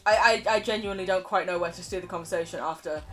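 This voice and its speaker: A woman's voice: lowish voice, quick pace, fairly bright tone, soft background music. A woman streaming a game, chatting in a rambling, self-mocking way, laughing often and swearing casually. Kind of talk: casual live-stream chatter while playing.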